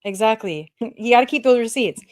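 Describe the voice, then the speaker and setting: A woman's voice: fairly high pitch, animated, a little fast, darkish tone. Laughing woman podcast co-host. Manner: laughs often, mocking reading voice. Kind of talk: casual podcast chat, reading comments aloud.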